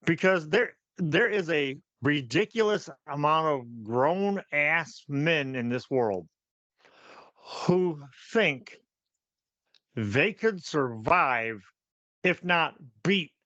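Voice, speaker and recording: Lively, bright-voiced man. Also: fairly high pitch, drawn-out words, no echo, highs cut off. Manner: animated, laughs often, repeats words while thinking. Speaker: podcast co-host. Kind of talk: casual chat.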